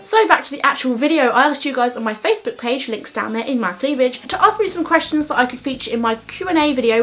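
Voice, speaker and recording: A woman's voice: high-pitched, a bit bright. Chatty woman vlogging. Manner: chatty and self-mocking, with quick joking asides. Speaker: YouTuber answering viewer questions. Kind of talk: casual Q&A vlog to camera.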